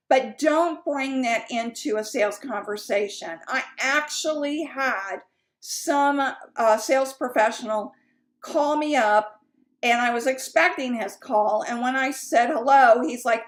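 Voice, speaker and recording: A woman's voice: high voice, slow pace. A woman sales coach teaching in a chatty, candid way, with fillers and asides. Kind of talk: casual teaching talk.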